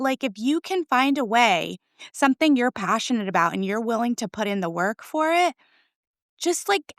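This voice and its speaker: A lively woman in her forties talks as a podcast guest, with a fairly high voice that has a gravelly fry running through it. The sound is dry and close, with no room around her. She is full of enthusiasm, laughs easily and checks in with a "right?" after her points. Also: no echo. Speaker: school librarian, podcast guest. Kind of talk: conversational interview.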